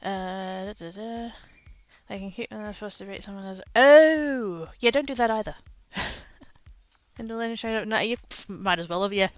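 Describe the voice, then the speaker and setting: A woman's voice: medium pitch, moderate pace, no echo, soft background music. An Australian woman livestreaming, telling a story in rambling casual chat, swearing freely and poking fun at herself.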